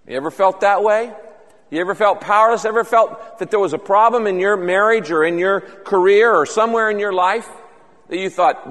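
High-voiced man preaching in a hall. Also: brisk, fairly bright tone. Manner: earnest, conversational preaching with quoted prayers. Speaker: pastor. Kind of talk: sermon.

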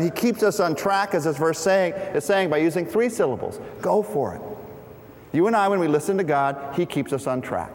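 A middle-aged man preaching a conversational sermon, leading his congregation through Bible verses. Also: a little high. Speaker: pastor. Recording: long hall reverb.

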